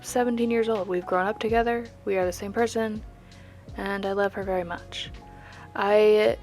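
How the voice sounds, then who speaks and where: A young woman in casual voice-over as she paints, chatty and rambling, with jokey tangents. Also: medium pitch. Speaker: art vlogger.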